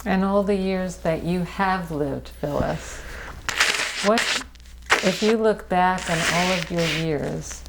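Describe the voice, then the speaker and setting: A woman interviewer asking gentle, unhurried questions in an oral history recording. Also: on the low side, creaky, very noisy. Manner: slow, gentle, prompting.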